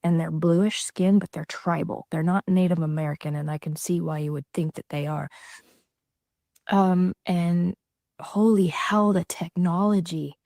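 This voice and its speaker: Shaken woman, halting and whispery. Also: fairly low pitch, fairly even intonation, creaky, mellow, no echo, clean studio sound. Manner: halting, shaky, slipping into whispers. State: shaken and emotional. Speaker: self-described psychic. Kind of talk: emotional social media clip.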